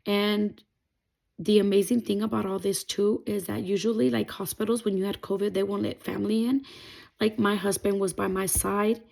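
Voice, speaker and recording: Woman with a heavy gravelly fry, casual testimony vlog, earnest and rambling. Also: mid-range voice, steady tone, normal speed, darkish tone. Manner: rambling, many fillers like "like" and "um"; emotional, earnest. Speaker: testimony vlogger. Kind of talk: personal faith testimony, casual storytelling.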